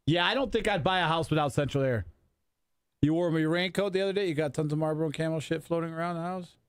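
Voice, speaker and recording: A man's voice: on the high side, fast talker, clean tone. A man in his forties in loose, profane, rambling chat on a radio talk show. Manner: profane, rambling banter with restarts. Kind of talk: casual chat.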